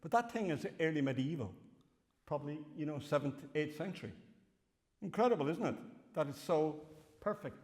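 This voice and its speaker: An older Irish man giving a wry, animated farewell lecture with slides in a large hall. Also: on the high side, normal speed, pauses often. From Ireland. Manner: wry, animated storytelling with chuckles. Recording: long hall reverb.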